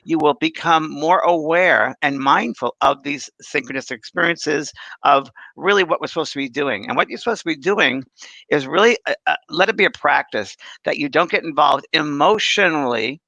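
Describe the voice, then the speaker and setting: A man in his sixties, a medium, telling stories in a chatty, animated way on a spiritual talk show and acting out the voices he quotes. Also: a little high, moderate pace, vocal fry, dry recording, poor audio. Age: 60s. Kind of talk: spiritual conversation on a live show.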